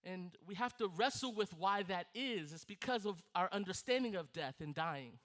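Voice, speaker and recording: A male pastor preaching a sermon, telling a childhood story with lively, laughing, acted-out delivery. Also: high voice, normal speed. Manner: animated storytelling, laughing and acting out scenes.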